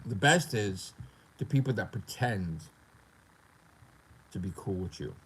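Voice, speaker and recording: A man's voice: lowish voice, lively intonation, a little slow, fairly bright tone, slight background noise, rough recording. A middle-aged man with a New York accent, ranting profanely and animatedly as a gaming streamer on a casual livestream.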